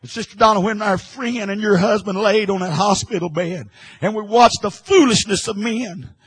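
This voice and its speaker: A man preaching an impassioned sermon, swinging from hushed, quiet lines to loud, shouted ones. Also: high voice, normal speed, slightly rough, rough recording.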